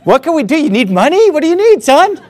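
A man's voice: very high-pitched, sing-song, fast, darkish tone, voice pushed up. A man voicing his own doting parent, eagerly offering help to a son. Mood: fawning.

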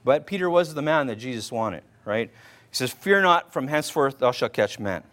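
A pastor preaches an informal, conversational sermon, quoting King James scripture aloud, restarting words, and often asking "right?" as he goes. His medium-pitched voice is expressive and fairly bright, at a moderate pace.

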